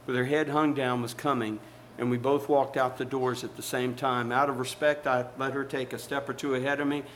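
Fervent preacher man, pitched a bit high. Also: slight background noise, rough recording. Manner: emphatic, calls out to the congregation; storytelling preacher. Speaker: pastor. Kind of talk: sermon.

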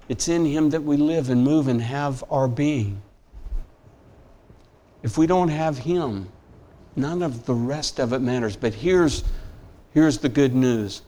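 A middle-aged man preaching a sermon, rising to emphatic scripture quotes and dropping quiet on personal stories. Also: mid-range voice. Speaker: pastor.

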